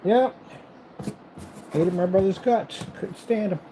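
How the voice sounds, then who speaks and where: A man's voice: high-pitched, slow pace, noisy background. A man vlogging as he builds a computer, chatting casually in a rambling, repetitive and enthusiastic way. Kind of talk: casual chat while building.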